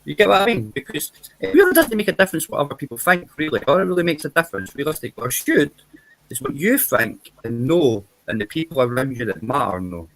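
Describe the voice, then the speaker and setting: A man's voice: on the high side, big pitch swings, fast, a bit bright, no echo, rough recording. Blunt scottish guy from edinburgh on a livestream, sweary, voice jumps all over the place. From Scotland. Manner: blunt, sweary, keeps asking "you know what I mean?". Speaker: guest on a livestream. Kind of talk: casual chat.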